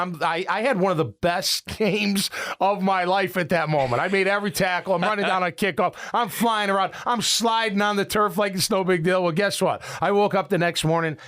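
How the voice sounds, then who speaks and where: A middle-aged man from Illinois, a sports radio host, telling rambling, animated stories with many restarts in casual talk. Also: high-pitched, clean tone.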